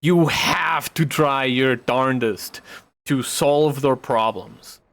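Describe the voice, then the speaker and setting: A man's voice: medium pitch, takes it slowly, gravelly, fairly bright tone. A male streamer chatting casually while he plays, rambling and swearing through his stories. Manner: rambling, profane storytelling. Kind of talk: casual chat while gaming.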